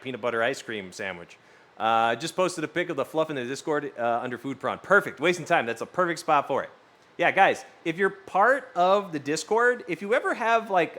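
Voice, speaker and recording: A man with a mid-range voice from the US West Coast chats animatedly on a live stream, reading chat. He swears and rambles through stories in casual conversation.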